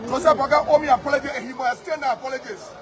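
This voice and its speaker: A man's voice: very high voice, fairly even intonation, rapid-fire, a crowd in the background. A Liberian man and politician giving a combative, repetitive street interview outdoors. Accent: Liberian English. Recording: crowded street with sirens and noise.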